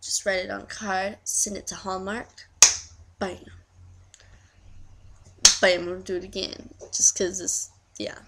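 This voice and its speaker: Gravelly-voiced teen girl with a lisp. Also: medium pitch, level tone, takes it slowly, pauses often, very noisy. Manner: rambling, self-deprecating, giggly. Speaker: vlogger. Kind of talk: casual birthday video message.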